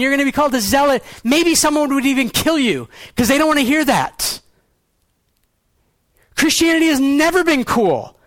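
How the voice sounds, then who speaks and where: High-voiced man preaching earnestly, dry sound. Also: no room sound. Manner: earnest, shifts between quiet low lines and quick pointed rhetoric. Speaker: pastor. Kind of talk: sermon.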